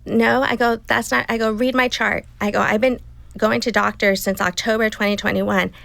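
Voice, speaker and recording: A woman's voice: fairly high pitch, fairly even intonation, normal speed, creaky, fairly bright tone, no echo, low-quality recording. A woman in her fifties tells a personal story to an interviewer, speaking emotionally and acting out what others said in quotes. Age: 50s. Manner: emotional, retelling dialogue in quotes. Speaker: guest.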